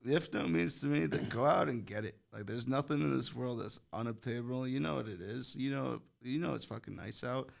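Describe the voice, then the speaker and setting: A man's voice: medium pitch, fairly quick, vocal fry, hardly any pauses. A young man guesting on a podcast, telling a story in a rambling, casual way, full of fillers and swearing.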